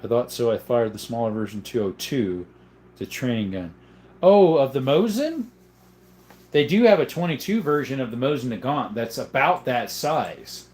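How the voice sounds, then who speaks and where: A man's voice: mid-range voice, normal speed, a little mellow. Man hosting a casual livestream chat. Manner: reads viewer comments aloud and answers them. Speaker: livestream host.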